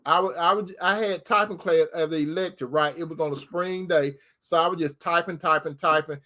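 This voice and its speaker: Male preacher with a high voice, folksy and direct, chatty streaming sermon. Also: fairly even intonation, a little fast, pushed and bright. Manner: folksy, repeats phrases for emphasis, addresses listeners directly. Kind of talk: informal preaching to an online audience.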